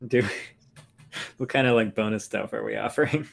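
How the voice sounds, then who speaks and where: A man with a gravelly, creaky voice that sits fairly low banters as a podcast co-host. He is playful and jokey, laughing easily between lines. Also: steady tone, brisk. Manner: playful, joking, laughs often. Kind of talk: casual chat.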